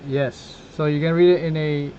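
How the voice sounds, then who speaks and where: A man's voice: a little high, level tone, a little fast, warm tone. A man co-hosting a casual podcast over a video call, chatting loosely and swearing now and then. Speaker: podcast co-host. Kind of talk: casual chat. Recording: lo-fi call audio with clear background noise.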